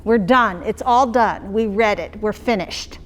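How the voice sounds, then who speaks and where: A woman's voice: medium pitch, measured pace. A woman explaining to teachers how she would mark phonics skills in a lesson, in a conversational way that checks in with the listeners. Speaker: teacher trainer. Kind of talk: explaining classroom phonics practice.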